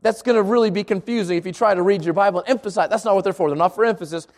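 A man's voice: high-pitched, racing, a little mellow. A man teaching a Bible class at church in a conversational way, often restarting words and checking with the room by asking "right?". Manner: conversational, repeats himself and asks the room "right?".

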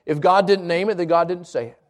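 High-voiced man preaching a sermon. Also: fairly even intonation, fairly quick. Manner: repeated rhetorical questions with stammered restarts. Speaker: pastor.

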